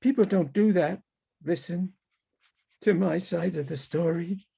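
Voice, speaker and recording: A man reading his own fiction aloud over a video call as a halting, musing first-person character monologue. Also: sits high, gravelly, warm tone, slightly rough. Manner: halting, musing, talks to animals and people in the scene.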